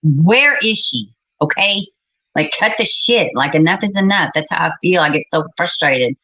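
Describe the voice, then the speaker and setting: A woman's voice: low-pitched, moderate pace, bright, forceful tone. A middle-aged woman, hosting a livestream and chatting bluntly and with exasperation with her live chat. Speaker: livestream host. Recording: slightly muffled recording.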